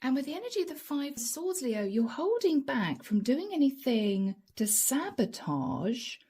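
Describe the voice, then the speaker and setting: Husky-voiced woman giving a tarot reading. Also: on the high side. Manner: warm, chatty, addresses viewers directly. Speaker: tarot reader. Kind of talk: channeled tarot reading to camera.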